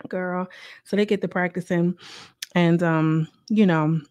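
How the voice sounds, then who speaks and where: A woman's voice: on the low side, measured pace, no room sound. Chatty woman reviewer, dry close sound. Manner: chatty, animated, slangy storytelling. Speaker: reality show reviewer. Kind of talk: casual commentary.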